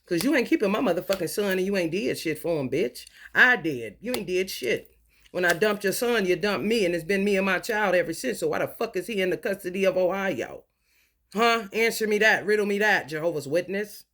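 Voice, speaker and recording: A woman in a profane, confrontational spiritual monologue, swinging between low mutters and loud outbursts. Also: lively intonation, a little fast. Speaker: vlogger.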